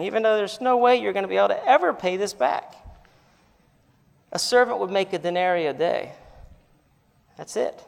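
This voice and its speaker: A male pastor preaching a sermon, telling a story in an animated way and building to emphatic peaks. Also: high-pitched, normal speed, creaky. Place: church sanctuary. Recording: reverberant hall.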